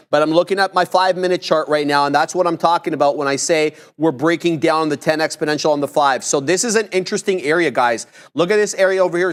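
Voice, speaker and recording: A man on a live market stream who explains why he waits for confirmation before he trades. He talks patiently in a slightly high voice. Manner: patient, explanatory, walks through chart levels. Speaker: day trader host. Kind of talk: live trading stream commentary.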